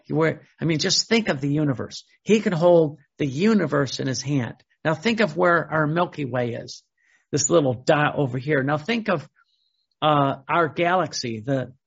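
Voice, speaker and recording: Gravelly priest preaching casually. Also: male voice, a little high, highs cut off. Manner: conversational, repeats words, chuckles, acts out quotes. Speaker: Catholic priest. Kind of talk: sermon.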